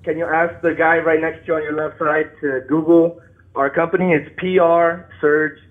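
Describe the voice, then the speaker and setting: A nervous, shaky man calling into a show, talking haltingly, apologizing and restarting his sentences. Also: fairly high pitch, level tone. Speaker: caller. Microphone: phone. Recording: tinny phone line.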